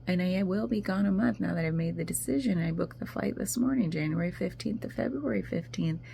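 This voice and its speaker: A woman's voice: fairly low pitch, a little fast, vocal fry, dark tone, a little hiss or hum. A woman talking casually in a video journal, rambling and emotional as she confides personal news. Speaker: vlogger.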